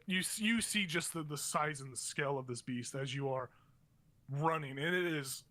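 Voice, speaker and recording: Narrating a tabletop session as its game master, this young man rambles, restarting sentences and leaning on fillers. His voice is a bit high, with a bright, forceful edge.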